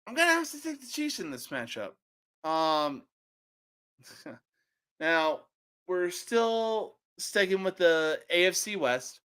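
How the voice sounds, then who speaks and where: A young man hosting a sports podcast, giving profane, opinionated game picks that burst into shouting rants. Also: sits high, very animated, slow pace, pauses often, smooth.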